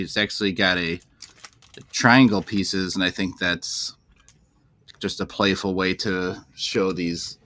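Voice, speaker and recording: A man's voice: low-pitched, pushed and bright. A man co-hosting a podcast, joking bluntly and swearing freely in casual chat. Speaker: podcast co-host. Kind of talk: casual chat with crude banter.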